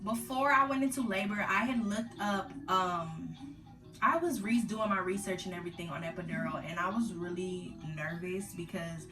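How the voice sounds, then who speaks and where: A young woman vlogger telling her story in casual slang, animated, acting out her own past cries. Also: medium pitch, moderate pace, reverberant, far from the mic, over loud music.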